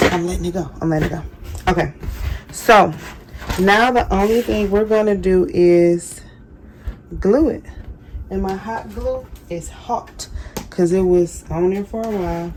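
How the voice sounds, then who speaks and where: A woman's voice: mid-range voice, a little mellow. A chatty woman walks viewers through a casual craft tutorial. She talks loosely, pokes fun at herself and apologizes often, with faint room noise in the background. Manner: chatty, apologetic, self-deprecating. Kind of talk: casual how-to demonstration.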